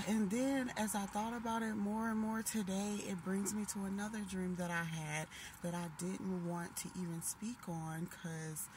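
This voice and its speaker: A woman in her late thirties telling a long dream story in a casual, animated way, full of restarts. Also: medium pitch, a little slow. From Minnesota. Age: 30s. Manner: animated, emotional retelling with restarts. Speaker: vlogger. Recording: noisy background hiss.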